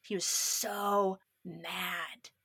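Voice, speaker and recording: A woman guest telling a personal story in an interview, lively and acting out what people said. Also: fairly low pitch, drawn-out words, vocal fry, slightly rough, dry recording, clean studio sound. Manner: lively, acts out others' lines in quotes.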